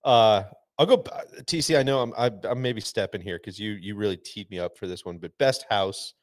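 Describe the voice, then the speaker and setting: A man co-hosting a podcast in casual chat, enthusiastic and quick to laugh. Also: lowish voice, dry recording. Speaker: podcast co-host.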